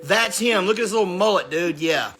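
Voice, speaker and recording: A man's voice: high-pitched, expressive, a little fast, a bit bright, soft background music. A man giving casual, chatty commentary with a sarcastic edge.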